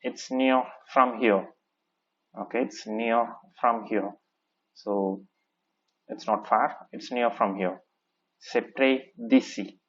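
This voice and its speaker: A man's voice: medium pitch, steady tone, slow, pauses often, slightly rough. A man teaching a French lesson in English, explaining step by step and repeating each phrase with plenty of "okay" and "so". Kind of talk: recorded classroom lesson. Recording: dull lo-fi recording.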